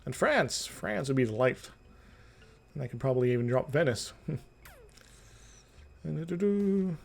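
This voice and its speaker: A man's voice: medium pitch, expressive, moderate pace, gravelly, slightly rough. A man streaming a strategy game live, rambling through his thoughts aloud in a jokey, self-amused way. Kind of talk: casual strategy-game commentary.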